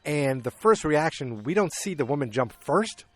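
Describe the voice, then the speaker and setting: A middle-aged man with a fairly high voice hosts a podcast, speaking at normal speed with no room sound. He recaps a movie in casual chat, telling it animatedly and acting out its scenes along the way.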